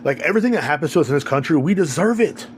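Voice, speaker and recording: A man's voice: a little high, animated, racing, slight background noise. Heated, profane man ranting solo. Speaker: podcast host. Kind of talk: casual ranting monologue.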